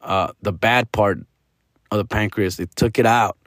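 A man's voice: lowish voice, a little slow, fairly bright tone, no echo, clean studio sound. A young man, a podcast host telling a comedic story in a profane, rambling way, dropping Spanish slang.

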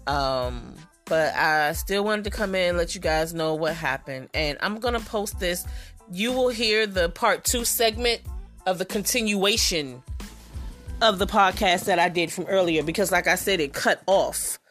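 A woman's voice: lowish voice, measured pace, a bit bright, soft background music. A woman hosting her own podcast, talking casually and candidly to her listeners about a frustrating night. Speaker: podcast host. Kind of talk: casual solo podcast chat.

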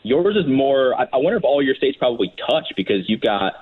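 A man co-hosting a podcast in casual chat, chatty and quick to laugh. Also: mid-range voice, big pitch swings, breathy edge, phone-quality sound. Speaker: podcast co-host.

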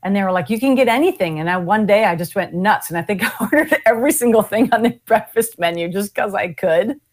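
A woman telling stories in a casual chat, animated, laughing and acting out other people's voices. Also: medium pitch, fairly quick. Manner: animated storyteller, acts out voices, laughs a lot. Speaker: guest musician.

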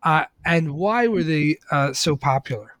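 A male interviewer with a slightly higher voice asks long, halting questions full of restarts. The recording is dry and close. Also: animated, a bit bright, dry recording.

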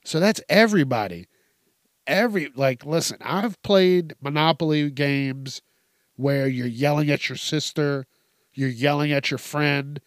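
Slow-talking man riffing on odd news. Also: a little high, no room sound, clean studio sound. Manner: animated storytelling with heavy cursing and laughter. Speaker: host. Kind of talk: casual profane news commentary.

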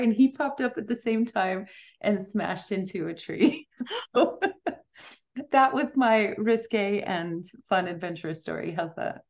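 A woman's voice: mid-range voice, expressive, slow pace, muffled recording. A middle-aged woman, an author guest on a podcast, telling stories in a chatty way and often laughing. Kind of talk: casual interview storytelling.

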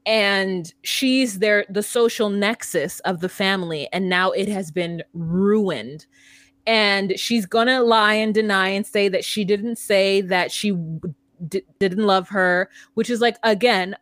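A woman's voice: medium pitch, fairly bright tone, no echo. A woman podcast co-host, earnest and analytical, thinking aloud in a casual chat.

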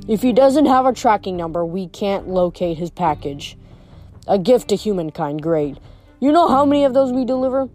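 A woman voicing a sly, relaxed male god who talks in a casual, wry way, reading a storybook aloud. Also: mid-range voice, normal speed, faint music behind, natural voice.

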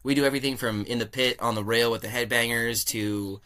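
Young male guest, bright voice; animated, chatty anecdote teller who acts out dialogue. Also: mid-range voice, brisk, smooth. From California. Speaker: podcast guest. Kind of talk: casual storytelling interview.

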